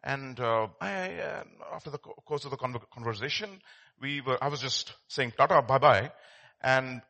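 A man's voice: mid-range voice, normal speed, creaky, pushed and bright. A man preaching a sermon as pastor, telling stories in a conversational way with many fillers and restarts.

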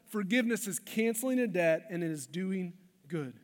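A man with a high voice preaches to a church congregation, swinging from hushed, intimate lines to passionate, emphatic peaks. His words ring out with a long hall reverb. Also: expressive, normal speed. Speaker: pastor. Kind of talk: sermon. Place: church sanctuary.

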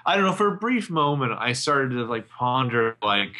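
A man's voice: mid-range voice, big pitch swings, moderate pace, bright, forceful tone. A man co-hosting a podcast in casual chat, playful and a bit hesitant. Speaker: podcast co-host.

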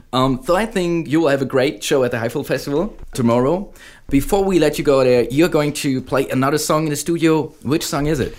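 A man's voice: on the high side, brisk. A man who is a native German speaker, hosting a casual radio studio interview and translating the answers in an easygoing, chatty way.

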